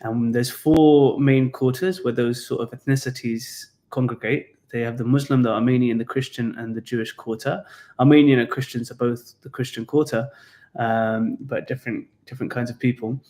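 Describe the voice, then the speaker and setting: A man's voice: mid-range voice, steady tone, moderate pace, a little mellow. Young british guy on a live stream, tour guide, rambles and restarts while explaining stuff. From England. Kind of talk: casual live stream chat.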